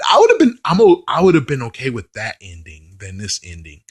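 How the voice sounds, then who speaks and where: A man's voice: medium pitch, huge pitch swings, moderate pace, husky. A man giving a casual, profane, exasperated rant in a movie review vlog. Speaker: movie commentary vlogger.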